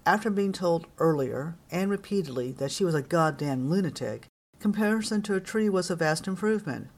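A woman reading a novel aloud in measured, wry scripted narration. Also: lowish voice, lively intonation, a little mellow. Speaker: audiobook narrator.

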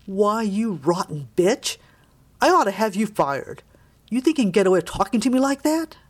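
Woman reader doing a loud, menacing, blustering middle-aged bully. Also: lowish voice, animated, normal speed. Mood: angry. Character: angry balding middle-aged man, bullying.

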